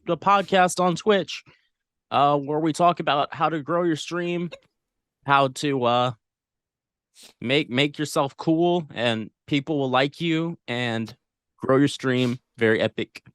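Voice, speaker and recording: A man's voice: a little high, takes it slowly, a bit bright, clean tone, dry recording, studio quality. A man co-hosting a streaming podcast, chatting casually and laid-back, swearing often. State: sleepy. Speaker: podcast co-host. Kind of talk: casual chat.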